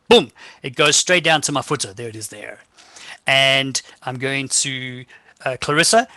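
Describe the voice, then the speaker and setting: A man's voice: fairly high pitch, pushed and bright, no room sound. A man teaching a computer skills class live online, walking through the steps on screen in a casual, joking way and often checking in with "okay?".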